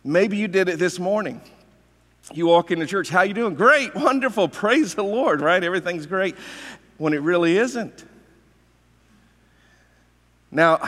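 A man's voice: fairly high pitch, fairly bright tone, big-room sound. A male pastor preaching a sermon in a conversational, emphatic way, telling stories and asking rhetorical questions.

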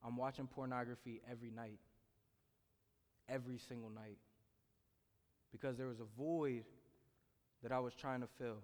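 A man earnestly telling a personal testimony with animated storytelling. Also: mid-range voice, moderate pace, pauses often. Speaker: speaker sharing a testimony. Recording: long reverb in a hall.

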